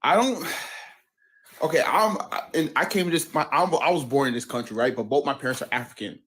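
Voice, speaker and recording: A man's voice: on the high side, brisk, slight background noise. A man in his thirties from the United States, talking casually in a group chat and telling stories with acted-out greetings. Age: 30s. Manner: animated storytelling with greetings acted out. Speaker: call-in guest.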